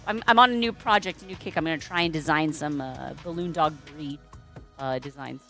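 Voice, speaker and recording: A woman's voice: deep voice, a little fast, sharp tone, soft background music. A woman hosting a casual livestream as a balloon artist, chatty and playful, greeting viewers and making puns. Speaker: balloon artist streamer host.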